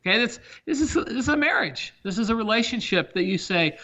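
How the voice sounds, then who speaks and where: A man's voice: extremely high pitch, lively intonation, brisk, few pauses, sharp tone, highs cut off. A middle-aged man, a company CEO, talking emphatically through examples as a guest on a business podcast interview.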